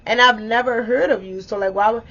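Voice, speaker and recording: A woman in her twenties telling a story in a casual vlog, animated and exclamatory, swearing freely and talking straight to her viewers. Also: fairly high pitch, brisk, a little hiss or hum. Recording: dull lo-fi audio.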